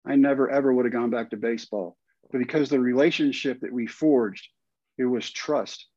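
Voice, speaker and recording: A man's voice: mid-range voice, moderate pace, no room sound. Storytelling Texan man, dry muffled sound. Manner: animated storyteller, acts out quoted lines. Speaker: guest, former pitcher and coach. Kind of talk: storytelling in a podcast interview.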